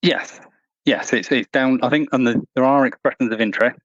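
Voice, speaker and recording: A man answering interview questions in a measured, thoughtful way, with frequent restarts. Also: medium pitch, steady tone, fairly bright tone, no room sound, lo-fi sound. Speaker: guest, former truck company employee.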